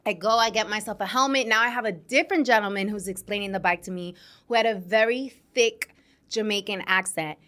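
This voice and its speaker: A woman in her thirties from New York City, hosting her own show and telling a story to her listeners in a chatty, animated way, laughing often. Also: medium pitch, fairly quick. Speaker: podcast host. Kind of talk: casual storytelling monologue. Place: studio.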